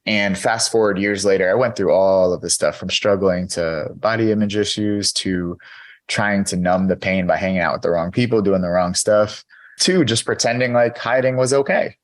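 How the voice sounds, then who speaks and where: A man's voice: on the low side, moderate pace. A man in his thirties, a podcast guest telling his own story in a candid, earnest way with lots of fillers. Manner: earnest, candid, many fillers like "you know". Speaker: podcast guest, keynote speaker. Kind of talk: storytelling in an interview.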